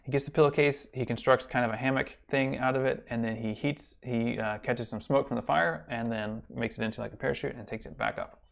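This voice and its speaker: Guy teacher rambling thru a lecture, kinda gravelly voice, lots of uh and um. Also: medium pitch, fairly even intonation, fairly quick, hardly any pauses. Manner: rambling, many fillers and restarts. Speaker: college instructor. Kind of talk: casual online lecture.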